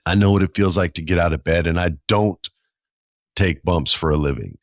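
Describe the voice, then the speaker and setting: Deep-voiced man in his forties, chatty. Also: normal speed, no room sound, studio quality. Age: 40s. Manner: enthusiastic, conversational storyteller with slangy asides. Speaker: podcast host. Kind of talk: casual solo podcast monologue.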